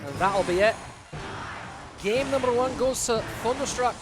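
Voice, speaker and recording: A man's voice: very high voice, moderate pace, over music, pitched above the performer's own voice. A man voicing an esports caster in a put-on Scottish accent, commenting live on a match in a playful, hammed-up way. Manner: playful, hamming it up.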